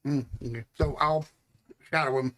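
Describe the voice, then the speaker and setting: A man at a tabletop game table, asking his questions hesitantly. His voice is bright and forceful, at a middle pitch. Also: steady tone, normal speed. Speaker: player.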